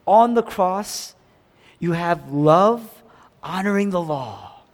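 A man preaching a sermon, swinging from loud cries down to hushed, near-whispered lines. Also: sits high, lively intonation, takes it slowly. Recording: long hall reverb.

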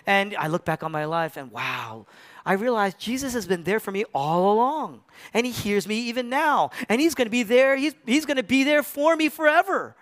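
A man delivers a sermon in a lively, somewhat high voice that rises and falls constantly. He moves between forceful emphasis and hushed, near-whispered lines, and acts out the quoted voices of figures from the story. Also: moderate pace. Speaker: pastor.

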